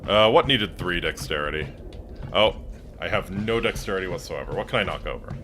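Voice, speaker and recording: A man's voice: sits low, lively intonation, a little fast, a bit bright, faint music behind. A man streaming a game, joking around and reading the game's narration aloud. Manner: playful, jokey, reads narration aloud. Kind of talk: gameplay commentary and reading game text aloud.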